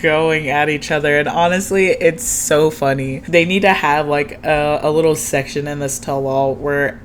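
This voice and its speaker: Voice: mid-range voice, fairly bright tone, a little hiss or hum. A chatty recap commentator who talks casually, laughs often and acts out quotes.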